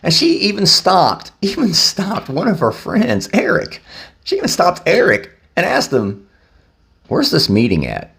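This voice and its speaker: A man's voice: high voice, huge pitch swings, unhurried, creaky, a bit bright. A man speaking casually to camera, telling a recovery story loosely, with many fillers. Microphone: handheld camera.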